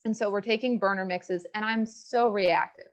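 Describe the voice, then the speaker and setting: A woman's voice: medium pitch, moderate pace. A young woman from rural Virginia, a guest telling her health story in a candid, earnest interview. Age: young adult. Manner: earnest, frank, quotes others in lively asides. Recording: slightly dull lo-fi audio.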